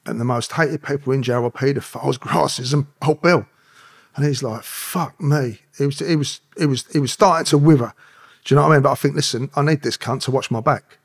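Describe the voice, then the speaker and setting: A man's voice: mid-range voice, brisk, husky. A middle-aged man, a podcast guest and former police officer who tells stories profanely, swearing constantly and acting out the dialogue. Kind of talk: profane anecdotal storytelling.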